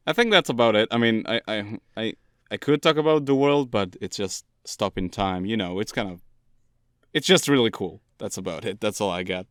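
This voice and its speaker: A man's voice: fairly low pitch, normal speed, fairly bright tone, smooth, no echo, clean studio sound. A man co-hosting a podcast in casual chat, goofy and laughing off his own jokes. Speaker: podcast co-host.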